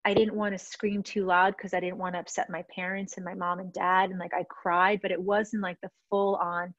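A woman's voice: lowish voice, little pitch movement, normal speed, a bit bright, no echo. Candid woman with a dry, muffled sound. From Russian-speaking family. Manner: candid, emotional, frequent restarts. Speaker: positive psychology teacher. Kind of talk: personal teaching talk to a group.

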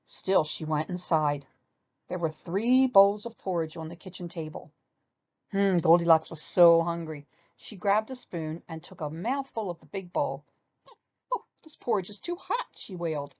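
A woman reading a children's story aloud with animated expression. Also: on the low side, normal speed, highs cut off.

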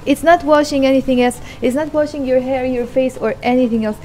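Mellow-voiced woman teaching at her kitchen sink. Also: high voice, steady tone, faint music behind. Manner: patient, repeats words slowly and explains each one. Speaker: language teacher. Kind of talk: casual vlog lesson.

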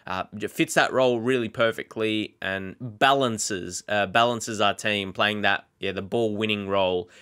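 A young man talks through his own football management game in relaxed, rambling fashion, full of fillers and restarts. His voice has a bright, forceful edge, and it lifts sharply when something exciting happens. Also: on the low side, measured pace, hardly any pauses, smooth. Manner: chatty, filler-heavy, excitable at goals. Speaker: gaming YouTuber. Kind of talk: casual Let's Play commentary.

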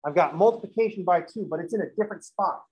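A man's voice: high voice, quick pace, slightly rough, highs cut off. A man teaching a math lesson in a classroom, moving from step-by-step explanation into chatty, joking stories and acted-out dialogues. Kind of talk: classroom lecture with joking asides.

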